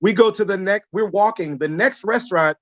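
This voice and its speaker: A man from the United States, a guest actor, telling animated stories in a casual live-stream chat. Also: sits high, fairly quick, no echo, dull audio.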